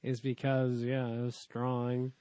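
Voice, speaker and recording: A man's voice: mid-range voice, completely flat delivery, slow, mellow, no echo. A man co-hosting a podcast and chatting casually, joking around in playful banter. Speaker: podcast co-host. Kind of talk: casual chat.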